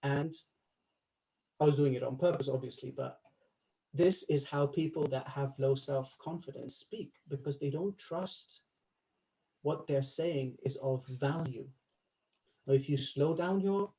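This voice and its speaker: A male life coach giving a coaching talk to a small group, instructive, slowing down to stress key words and laughing easily. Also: medium pitch, dark tone, poor audio.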